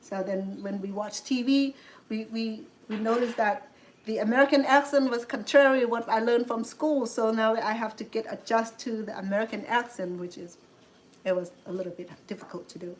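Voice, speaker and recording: A woman's voice: on the high side, steady tone, moderate pace, a little hiss or hum, poor audio. A middle-aged woman with a Cambodian accent, chatting casually as a cooking show host, rambling with many restarts and fillers. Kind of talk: casual chat.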